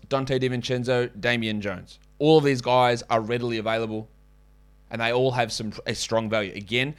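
A man talks casually through his podcast. He jumps into quick asides and corrects himself on the fly. His pitch sits mid-range for a man. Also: a bit bright, clean tone. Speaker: fantasy basketball podcast host. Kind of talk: casual podcast talk with ad reads.

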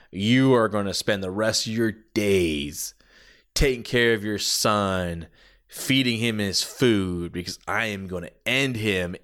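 A man voicing a cocky, sneering male wrestling villain who taunts his opponent. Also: clean tone. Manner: taunting, shouty, higher pitch.

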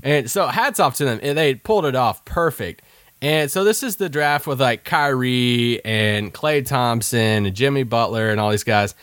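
A man's voice: mid-range voice, animated, moderate pace, fairly bright tone, smooth, no echo, studio quality. Rambling man co-hosting a podcast. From Kentucky. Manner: rambling storyteller, lots of fillers and restarts. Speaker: podcast co-host. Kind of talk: casual sports podcast chat.

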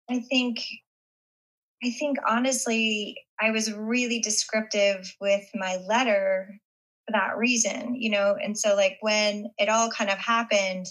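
A woman being interviewed, telling a personal story in a halting way with many fillers and restarts. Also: fairly high pitch, a bit bright, poor audio. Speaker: interview guest. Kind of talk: casual interview chat.

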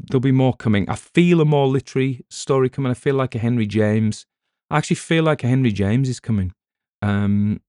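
A man's voice: medium pitch, creaky, a little mellow, no echo, studio quality. A middle-aged man with a British accent, an audiobook narrator rambling in casual chat with wry asides.

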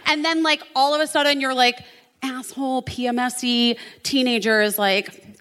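A woman hosting a live podcast chat on stage, telling stories in a lively, profane, casual way. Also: sits high, normal speed, dry recording. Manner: animated, swearing storyteller. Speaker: podcast host.

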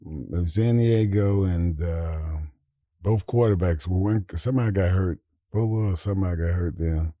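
A man's voice: low voice, moderate pace, dry recording, clean studio sound. Older man telling rowdy stories. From Atlanta, Georgia, US. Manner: animated, profane, laughing as he acts out quotes. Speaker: guest, retired football player. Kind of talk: casual storytelling.

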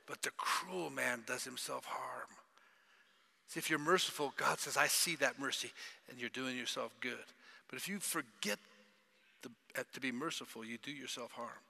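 Gravelly preacher in a reverberant hall. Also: male voice, medium pitch, moderate pace. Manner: dramatic, swings from loud cries to hushed whispers. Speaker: pastor. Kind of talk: sermon. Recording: long reverb of a large hall.

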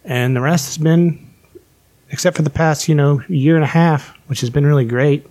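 A man's voice: a little high, moderate pace, a little mellow. A man on a podcast telling his life story in casual chat, candid and full of swearing. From West Virginia. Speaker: podcast guest.

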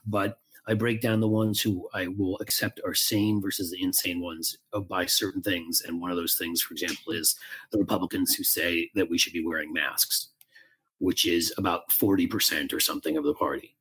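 A man with a low, slightly husky voice co-hosts a casual political podcast. He talks in a measured, reflective way and qualifies his points as he goes. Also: fairly even intonation, fairly bright tone. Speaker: podcast co-host.

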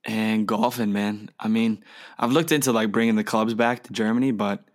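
A man's voice: on the low side, steady tone, moderate pace. Laid-back young New man rambling. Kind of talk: casual chat.

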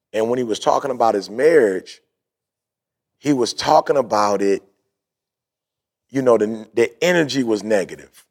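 A man co-hosting a podcast, casually telling a story with slang and acting out quoted talk. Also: medium pitch. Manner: animated storyteller, acts out quoted dialogue; uses street slang, "yo, bro". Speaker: podcast co-host. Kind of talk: casual chat.

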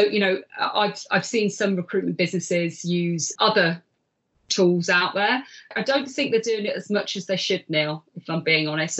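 A woman speaking as an interview guest on workplace wellbeing, earnest and talkative. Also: on the low side. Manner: earnest, many fillers and restarts, animated. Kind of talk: conversational interview.

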